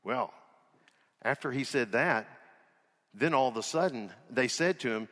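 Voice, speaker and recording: A man's voice: mid-range voice, animated, a little slow, long pauses, a bit bright, in a large hall. A man preaching a sermon as pastor in a church, folksy and joking, retelling scripture in a casual voice. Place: church sanctuary.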